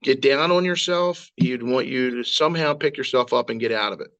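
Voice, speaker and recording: A man's voice: mid-range voice, a little fast, fairly bright tone, muffled recording. Straight-talking middle-aged man guest. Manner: emphatic, straight-talking, calls people "girl". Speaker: guest, family friend. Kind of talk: casual conversation.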